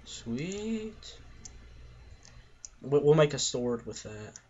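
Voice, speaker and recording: A man's voice: mid-range voice, moderate pace. A teenage boy hosting a casual gameplay chat from his bedroom, playful and sometimes reading game text aloud in a mock-serious voice. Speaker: gaming channel host. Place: bedroom at home. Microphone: computer mic. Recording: dull, lo-fi game capture.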